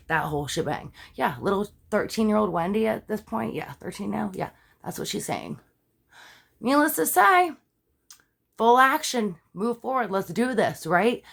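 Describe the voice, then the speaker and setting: A woman's voice: medium pitch, expressive, normal speed, vocal fry. A woman telling a true-crime story in a casual, chatty way, with lots of asides, fillers and questions to her viewers. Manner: talks straight to viewers with questions.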